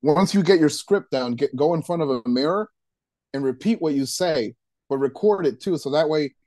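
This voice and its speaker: A man's voice: on the high side, lively intonation, dark tone, no echo. Male wedding DJ/MC, casual podcast guest, stop-start delivery, dry studio sound. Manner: halting, with many restarts and repeated words. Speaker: wedding DJ and MC giving advice.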